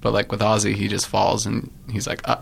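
Gravelly laid-back young man. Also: lowish voice, monotone, brisk, slight background noise. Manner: laid-back, filler-heavy storytelling. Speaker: podcast guest. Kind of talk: casual chat.

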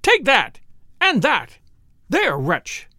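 A man doing an enraged husband in a storybook reading, shouting his demands. The pitch is high and jumps around. The sound is close and dry. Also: huge pitch swings, moderate pace, vocal fry, no echo, exaggerated voice. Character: jealous husband, furious and demanding.

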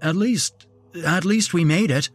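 A man voicing a steady, reassuring group leader in a horror audio story. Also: high voice, unhurried, no room sound, soft background music, voice pushed up. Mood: determined. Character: take-charge man, calm group leader.

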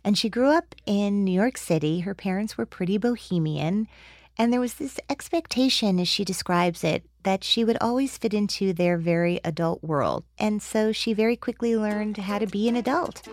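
A woman's voice: medium pitch, moderate pace, dry recording, studio quality. A woman host with a New Jersey accent, bantering playfully and introducing guests. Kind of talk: casual chat and narration.

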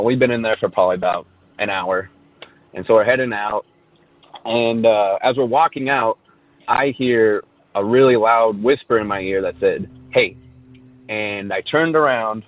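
A man's voice: lowish voice, no room sound. A man from Southern California leaves a casual voice message, telling a ghost story in a rambling way with many fillers. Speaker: caller sharing a ghost story. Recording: tinny phone line, dry.

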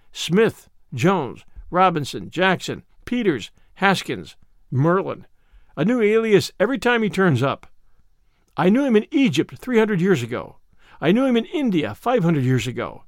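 A male narrator reads a classic novel aloud with theatrical, brash expression. His fairly high voice swings widely in pitch, and the sound is dry and close to the mic. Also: no echo. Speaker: audiobook narrator.

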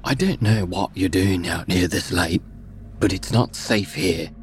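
A man's voice: deep voice, measured pace, a little hiss or hum. A man doing a grim old Scottish village woman. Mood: warning. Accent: rural Scottish. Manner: quiet, warning tone.

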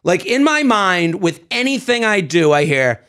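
A man in his thirties co-hosting a casual chat podcast, telling stories in an animated way, swearing freely and acting out what people said. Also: sits high, unhurried, clear, resonant tone. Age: 30s. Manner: animated storyteller, swears freely, acts out quoted dialogue. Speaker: podcast co-host.

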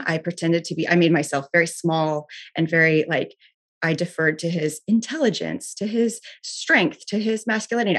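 Guest, woman, lowish voice, earnest, candid, lots of "like". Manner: earnest, frequent filler "like", restarts. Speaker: interview guest. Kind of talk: candid personal storytelling.

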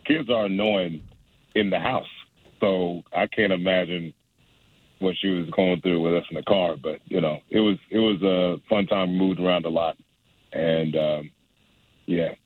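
A man's voice: sits low, fairly even intonation, a little slow, no echo. A young adult man, a stand-up comedian, chatting casually and rambling with many restarts and laughs. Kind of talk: casual phone interview. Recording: dry phone line.

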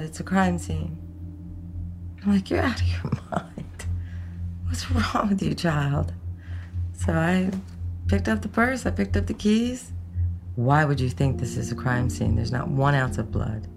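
A woman telling how she found a purse and keys, in a low gravelly voice with music behind her. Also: animated, measured pace, long pauses.

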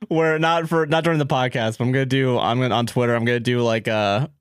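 A man's voice: medium pitch, fairly even intonation, fast talker, clean tone, dry recording, studio quality. A young man co-hosting a casual podcast, laid-back and joking, laughing often. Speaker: podcast co-host. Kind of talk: casual chat.

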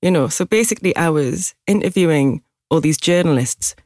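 A middle-aged woman from Newcastle with a husky Geordie accent, chatting as a singer-songwriter guest and poking fun at herself. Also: low voice, lively intonation, brisk, a little mellow, no room sound, clean studio sound. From Newcastle, England. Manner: chatty, self-mocking, laughs often. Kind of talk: casual interview chat.

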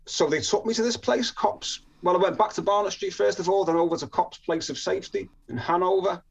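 A man from northern England telling his story as a podcast guest, lively and acting out the people he quotes. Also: sits high, a little fast, gravelly, slightly rough, dull audio. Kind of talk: storytelling interview.

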